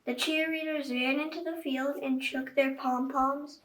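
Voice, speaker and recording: A woman's voice: sits high, fairly even intonation, measured pace, fairly bright tone, slight background noise. A woman reading a children's book aloud, chatting directly to young listeners. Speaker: children's story reader. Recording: echoey room, voice far from mic.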